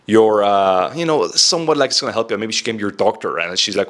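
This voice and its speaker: A young man with a lowish voice talks straight to the camera in a relaxed advice vlog. He is direct and chatty and keeps dropping "like" and "bro" between points. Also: brisk, hardly any pauses. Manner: direct, heavy use of "like" and "bro". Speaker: self-improvement vlogger.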